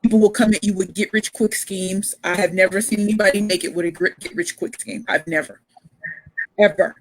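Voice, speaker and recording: A woman pitch coach telling her story as a motivational speaker, emphatic and repeating phrases for effect. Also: steady tone, brisk, gravelly, low-quality recording.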